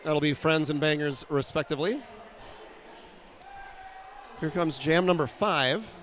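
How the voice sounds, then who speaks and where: A man calling a roller derby bout play by play, quick and wry, with frequent fillers and self-deprecating asides. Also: a little high, fairly bright tone. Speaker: play-by-play announcer. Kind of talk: live sports commentary.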